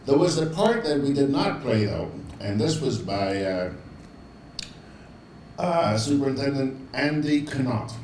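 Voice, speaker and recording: A man hosts in an easygoing, unhurried way, reading viewer greetings one by one and laughing softly between them. His speech is slow and loose, and the echo of a roomy space surrounds the voice with a faint hum behind it. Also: medium pitch, distant mic. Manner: chuckling, relaxed, chatty. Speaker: show host. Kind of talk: casual live-stream chat, reading viewer comments.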